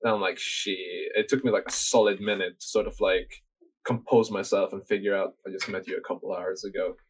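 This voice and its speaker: A young Norwegian man is a guest on a podcast, rambling casually through a story packed with fillers and swearing. His voice is deep and breathy-edged, delivered briskly in a level tone, and the audio quality is poor.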